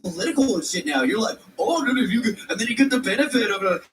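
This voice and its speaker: A young man co-hosting a livestream, ranting loudly and profanely, often shouting. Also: high-pitched, lively intonation, quick pace, distant mic, a little hiss or hum, rough recording. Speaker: livestream co-host. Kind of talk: rowdy livestream banter. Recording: off-mic with loud music behind. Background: music.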